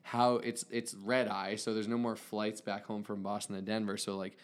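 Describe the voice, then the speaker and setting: A man in his thirties co-hosting a podcast, telling a story in a steady, laid-back way. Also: lowish voice, moderate pace. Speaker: podcast co-host. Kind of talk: casual storytelling chat.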